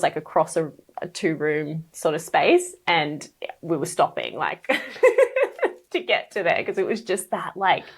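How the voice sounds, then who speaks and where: A woman's voice: on the low side, vocal fry. A woman speaking as a podcast guest, sharing a personal story in a casual, chatty way, full of fillers and open emotion.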